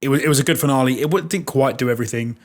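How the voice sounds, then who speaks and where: A man's voice: mid-range voice, very fast. A British man hosting a podcast, chatting frankly and laughing often. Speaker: podcast host. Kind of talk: casual chat.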